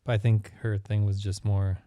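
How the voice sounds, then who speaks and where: A man's voice: fairly low pitch, level tone, moderate pace, mellow, no echo. A man co-hosting a casual movie review chat, giving short laid-back replies. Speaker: podcast co-host.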